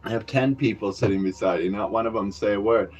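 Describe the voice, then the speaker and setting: A man's voice: lowish voice, fast talker, a little hiss or hum, poor audio. A man vlogging outdoors near a construction site, rambling wryly and cursing freely into a handheld camera. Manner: profane, rambling and wry. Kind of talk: casual rambling monologue to camera.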